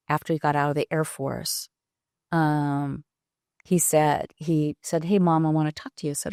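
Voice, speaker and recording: A woman in her sixties, a podcast guest, telling a personal story in a halting, reflective way with pauses and restarts. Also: low-pitched, steady tone, warm tone, no room sound, studio quality.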